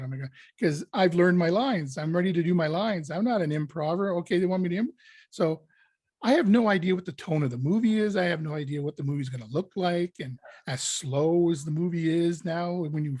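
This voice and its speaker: A male actor in an interview, telling a lively anecdote and acting out his own panic. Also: high-pitched, no echo. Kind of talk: casual storytelling interview.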